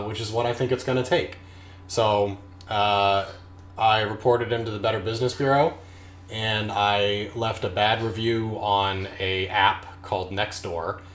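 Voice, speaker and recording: Profane ranting man, low voice. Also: echoey room. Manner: profane, ranting, swings from muttering to shouting. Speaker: streamer. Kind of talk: casual live-stream rant while brewing. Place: home kitchen.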